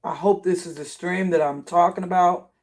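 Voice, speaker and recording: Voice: mid-range voice, steady tone, normal speed. Agitated live streamer thinking aloud. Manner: thinks aloud, repeats and restarts phrases, grows agitated. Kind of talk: casual live-stream commentary while browsing.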